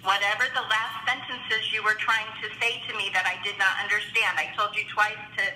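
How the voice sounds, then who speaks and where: A woman insurance claims agent on a phone call, speaking slowly and firmly polite. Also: medium pitch, little pitch movement. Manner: slow, measured, firmly polite. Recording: bright, echoey phone line.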